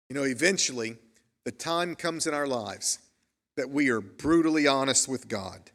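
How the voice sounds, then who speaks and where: A man's voice: mid-range voice, expressive, normal speed, a bit bright. Earnest preacher man in a reverberant church. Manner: earnest, storytelling preacher who reads quotations aloud. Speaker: pastor. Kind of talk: sermon. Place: church sanctuary.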